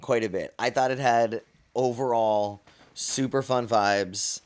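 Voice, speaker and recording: A man co-hosting a casual podcast chat, playful and animated, with frequent stammered restarts. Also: medium pitch, slow, clear, resonant tone. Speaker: podcast co-host.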